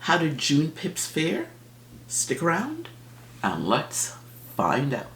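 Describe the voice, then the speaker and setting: Chatty low-voiced woman pen vlogger. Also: huge pitch swings, takes it slowly, a bit bright, a little hiss or hum. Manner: chatty and rambling, with frequent self-corrections. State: out of breath. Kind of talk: casual chat to camera.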